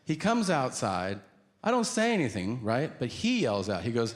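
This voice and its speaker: A male stand-up comedian telling a story on stage, conversational and rambling, with deadpan asides. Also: medium pitch, moderate pace. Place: on stage at a live venue. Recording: reverberant venue with noisy ambience.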